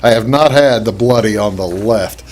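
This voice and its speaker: A man hosting a casual talk show, chatting in a halting way with many fillers and restarts. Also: fairly low pitch, darkish tone, a little hiss or hum. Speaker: host. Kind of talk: casual radio-style talk show chat.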